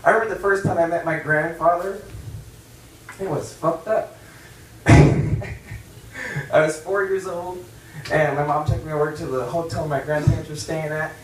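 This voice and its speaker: A man doing a stand-up comedy set in a bar, brash and profane, with loud punchlines. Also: fairly high pitch, fairly even intonation, normal speed, long pauses, a little hiss or hum. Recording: roomy club sound from a distance.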